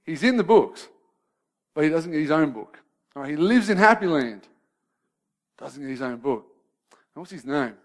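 A man, preaching a sermon in a conversational way and often checking in with his listeners. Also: on the high side. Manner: shifts from lively banter to soft, grave questions.

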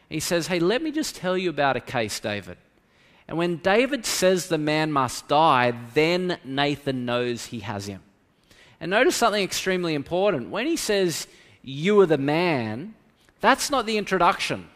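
A pastor preaching a sermon in a church, swinging between loud emphasis and hushed quiet. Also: male voice, on the high side. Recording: long reverb of a church hall.

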